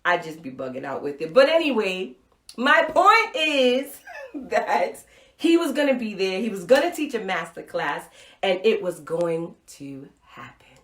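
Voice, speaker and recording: A middle-aged woman hosting a live show, telling a personal story with playful, expressive swings between loud and soft. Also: medium pitch, unhurried, reverberant. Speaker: live show host and speaker.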